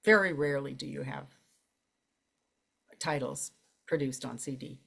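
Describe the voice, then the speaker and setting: An older woman who narrates audiobooks, telling her stories in a relaxed conversational way, laughing often and jumping high in pitch for emphasis. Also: a little slow, creaky, breathy edge. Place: library event, interview setting.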